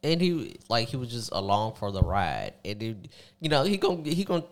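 A man's voice: mid-range voice, very animated, normal speed. A man chatting casually, telling stories about a friend and acting out what people said. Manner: storytelling, acts out friends' quotes. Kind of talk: casual chat.

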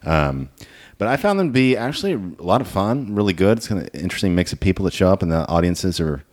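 This is a man with a very low voice, speaking as a guest comedian on a relaxed podcast. He explains at a steady length and keeps filling gaps with "um" and "uh". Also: fast talker. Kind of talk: casual podcast chat.

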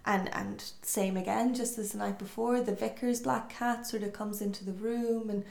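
Woman spinning a folk tale, lively, does the voices, echoey room. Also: medium pitch, moderate pace, gravelly. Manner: lively, acts out voices, laughs often. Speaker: storyteller. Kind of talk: animated folk tale telling among friends. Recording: roomy echo.

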